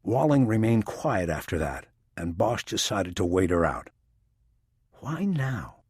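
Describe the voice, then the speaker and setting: A man giving a steady, even scripted narration of a crime audiobook. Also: sits low, normal speed, breathy edge, no room sound, clean studio sound.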